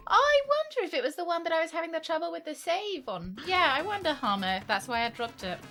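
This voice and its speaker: A woman's voice: very high voice, big pitch swings, fast, sharp tone. A woman chatting casually on a live stream while playing a game, answering viewers' comments as she goes. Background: game music.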